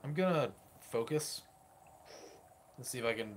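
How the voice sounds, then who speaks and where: A man playing a tabletop game, excitable and joking with the others. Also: medium pitch, a little slow, a little hiss or hum. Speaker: player.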